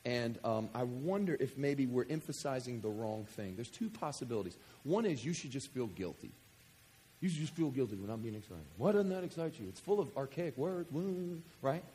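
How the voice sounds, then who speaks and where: A man from West Kentucky preaching a sermon, joking with the congregation and swinging from quiet scripture reading to loud excitement. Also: mid-range voice, moderate pace, slight background noise. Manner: animated, jokey, swings between quiet reading and loud enthusiasm. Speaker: pastor.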